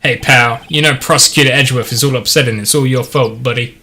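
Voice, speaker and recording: A man's voice: medium pitch, fairly even intonation, fast, pushed and bright, a little hiss or hum. A man voicing a scruffy, good-natured police detective in a video game, folksy and calling everyone pal. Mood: gruff friendly. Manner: folksy, says pal and buddy.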